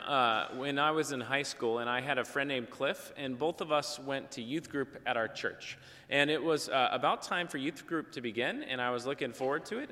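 Speaking in a sharp, mid-range voice, a middle-aged pastor preaches in a conversational style. He narrates a story, performing the quoted voices of the people in it, while long hall reverb trails each phrase.

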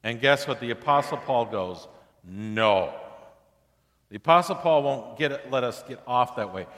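Male pastor, conversational sermon, mid-pitched voice, long church reverb. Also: lively intonation, a little fast, fairly bright tone. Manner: conversational, asks the congregation questions. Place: church sanctuary.

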